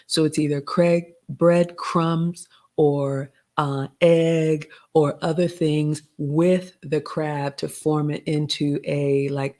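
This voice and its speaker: A middle-aged woman, a little raspy today, hosting a casual live stream and chatting through a menu with etiquette tips. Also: sits low, a little mellow. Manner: chatty, gives etiquette tips, addresses viewers as y'all. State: slightly raspy. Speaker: host of a live stream reviewing a restaurant menu.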